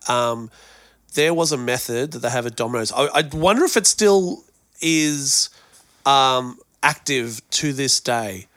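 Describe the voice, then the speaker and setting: Bright, dry-voiced Australian man telling stories. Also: mid-range voice, a little slow, dry recording. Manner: storytelling, animated, repeats words when starting. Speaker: guest musician and presenter. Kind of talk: casual podcast chat.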